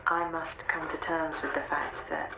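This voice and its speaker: An actress playing a bitter, guilt-ridden woman speaking with quiet regret. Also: low-pitched, level tone, normal speed, reverberant, muffled recording, heavy background noise, natural voice. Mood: remorseful.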